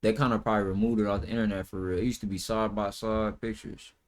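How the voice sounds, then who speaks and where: A man with a slightly low voice talks straight into his stream in a loose, slangy rant, swearing freely. He often breaks into high-pitched mocking impressions, and at times his voice drifts farther from the mic. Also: level tone, fast. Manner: loose and profane, full of slang fillers. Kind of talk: casual reaction-stream rant.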